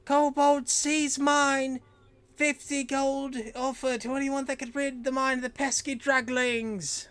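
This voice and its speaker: A man voicing a young boy who shouts news from a box. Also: extremely high pitch, level tone, slow pace, pitched above the performer's own voice, full character voice. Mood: shouting.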